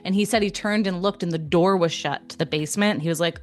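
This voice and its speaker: A young adult woman co-hosting a podcast, retelling a story in a casual, animated way with frequent laughs and fillers. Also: fairly low pitch, quick pace. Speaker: podcast co-host.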